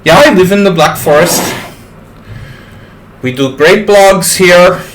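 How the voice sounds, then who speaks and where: A man's voice: high voice, slow, a bit bright, voice pushed up. A man voicing a goofy German blogger from the Black Forest, with a put-on German accent and a hammy, self-mocking delivery.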